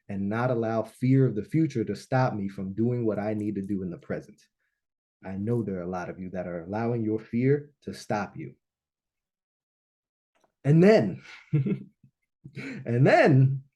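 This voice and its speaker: A man speaking to a live audience at a business launch event, telling a personal story in an animated way and often checking in with "right?". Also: medium pitch.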